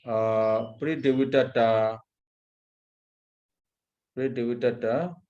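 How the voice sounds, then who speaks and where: Slow-speaking monk lecturing, dull lo-fi audio. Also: male voice, mid-range voice, fairly even intonation. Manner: slow, repeats Pali terms, frequent hesitations. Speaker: Buddhist monk teacher. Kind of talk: lecture on a Pali text.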